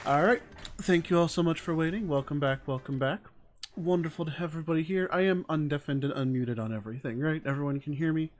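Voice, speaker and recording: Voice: medium pitch, quick pace, a crowd in the background, background noise. Polite, formal stream host. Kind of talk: live-stream interview hosting.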